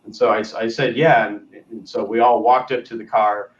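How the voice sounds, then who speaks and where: A man's voice: on the low side, flat delivery, normal speed. A man co-hosting a show, telling a story in a rambling casual way that often trails off to a murmur. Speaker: co-host. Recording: roomy, distant, dull lo-fi sound.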